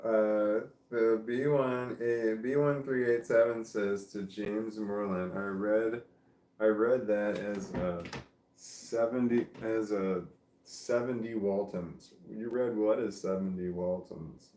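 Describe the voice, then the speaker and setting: Casting note: a slow, sleepy Midwestern man, low voice, in an echoey room, livestream chat host. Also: fairly even intonation, warm tone, slight background noise. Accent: American Midwestern. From American Midwest. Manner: slow, mumbling and drowsy, breaking into laughter. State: high and tired.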